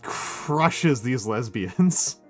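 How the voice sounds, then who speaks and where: A man's voice: medium pitch, lively intonation, drawn-out words, over loud music. A man hosting a casual chat stream, rambling with many fillers and restarts and laughing often. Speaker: streamer host. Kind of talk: casual chat while painting.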